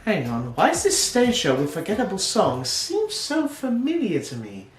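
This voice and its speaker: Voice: mid-range voice, huge pitch swings, moderate pace, faint music behind. A video reviewer giving casual, opinionated, sarcastic commentary.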